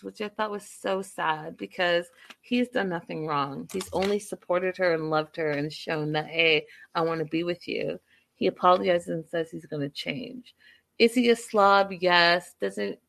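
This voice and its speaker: A woman's voice: mid-range voice, moderate pace, fairly bright tone. A woman giving blunt, casual commentary on a relationship, acting out quoted lines as she goes.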